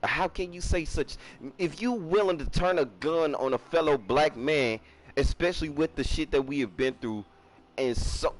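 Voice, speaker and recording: A young man, telling a casual storytime in an emphatic, profane way. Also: on the high side. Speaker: storyteller streamer.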